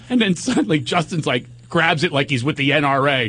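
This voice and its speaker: A middle-aged man hosting a radio talk show, telling a story in a casual, animated way and laughing as he acts out what people said. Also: fairly high pitch, fairly quick, few pauses, breathy edge.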